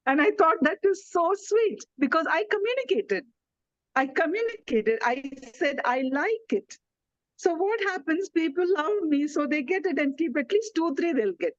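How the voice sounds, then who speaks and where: A woman speaking gently and reassuringly from India over a video call, giving wellness advice to elders. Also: very high voice, lively intonation, normal speed, no echo. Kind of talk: online talk to elders. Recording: dull lo-fi video call audio.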